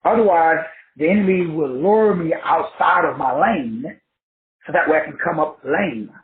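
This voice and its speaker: A high-voiced man lectures his class in a preachy, repetitive, colloquial way. The sound is tinny and narrow, as if over a phone line. It rings in an echoey room. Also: normal speed. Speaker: online teacher and host. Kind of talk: motivational lecture.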